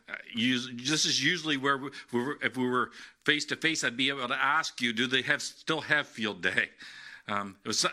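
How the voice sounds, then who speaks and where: Bright, earnest pastor preaching a sermon. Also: male voice, medium pitch. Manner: earnest, heartfelt storytelling. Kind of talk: sermon to an online congregation.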